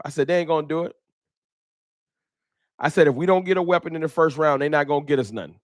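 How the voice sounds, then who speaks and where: An animated man hosts a fan talk livestream, voice pitched a little high for a man. He talks in a slangy, emphatic way, repeating points as he argues. The sound is dry and close, with almost no room echo. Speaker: host.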